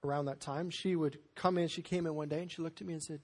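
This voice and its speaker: Male pastor, husky tone, lively storytelling sermon. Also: on the high side, fast talker. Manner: animated storytelling with sudden loud bursts.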